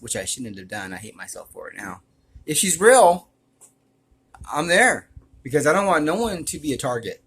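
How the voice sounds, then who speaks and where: A man's voice: medium pitch, big pitch swings, moderate pace, fairly bright tone, breathy edge. A man telling a personal story to his channel in a rambling, earnest and aggrieved way, often restarting his sentences. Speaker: YouTuber.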